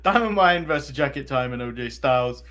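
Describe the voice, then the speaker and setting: A man's voice: mid-range voice, animated, a little fast, a bit bright. A man with an English accent co-hosting a casual podcast, recapping events and chuckling as he goes. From England. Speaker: podcast co-host. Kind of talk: casual chat.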